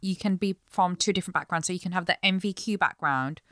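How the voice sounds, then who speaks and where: A woman's voice: lowish voice, fast, fairly bright tone, dry recording, clean studio sound. A young adult woman, a chef and business owner, chatting earnestly in an interview and explaining at length. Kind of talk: casual interview chat.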